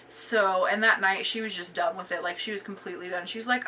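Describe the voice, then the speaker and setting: A woman's voice: mid-range voice, steady tone, fast, hardly any pauses, pushed and bright, distant mic, slight background noise. A young woman vlogger telling a casual storytime, chatty and full of filler words.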